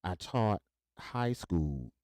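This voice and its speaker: A man's voice: sits low, drawn-out words, dry recording. A man from Mississippi, hosting a podcast and telling a story casually, acting out the voices of the people in it. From Mississippi, USA. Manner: animated, acts out voices in quoted dialogue. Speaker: podcast host.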